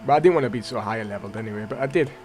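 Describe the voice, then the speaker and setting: A man's voice: on the low side, very fast, a little mellow. Rambling man commenting on gameplay. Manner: rambling, self-correcting. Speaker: let's play host. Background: faint game music.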